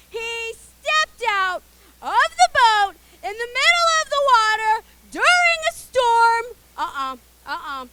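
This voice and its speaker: Animated woman telling kids a Bible story. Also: very high voice, a little hiss or hum. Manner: playful, expressive, gets kids to call out and join in. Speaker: children's church teacher.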